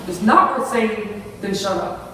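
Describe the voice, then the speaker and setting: A woman's voice: mid-range voice, a little slow, sharp tone, slight background noise. Woman preacher, earnest, restarts often; distant, reverberant hall sound. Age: older. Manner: earnest, many restarts and asides. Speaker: youth ministry speaker. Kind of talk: sermon. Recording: echoey hall from far off.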